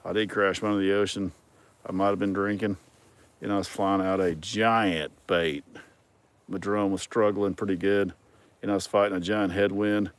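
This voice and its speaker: A man's voice: sits low, level tone, moderate pace. A man hosting a casual livestream, reading viewer comments and talking in a rambling way with many ums and some dry sarcasm. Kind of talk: casual chat.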